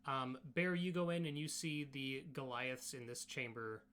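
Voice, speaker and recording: A man's voice: mid-range voice, unhurried, fairly bright tone, clear, resonant tone. Casual man running a tabletop game. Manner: casual, filler-heavy, restarts often. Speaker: game master.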